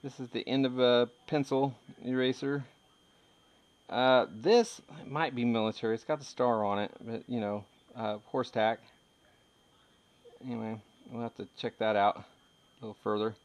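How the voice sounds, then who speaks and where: Here a man in his thirties walks through what he's dug up metal detecting, talking at a normal pace in a steady, medium-pitched voice. The sound is lo-fi, and his casual chatter wanders, full of jokes and laughter.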